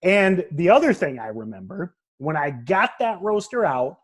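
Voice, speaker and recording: A man's voice: fairly high pitch, big pitch swings, moderate pace, husky. A man co-hosting a podcast, talking in a loose, rambling way with lots of restarts and casual slang. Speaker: podcast co-host. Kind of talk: casual chat.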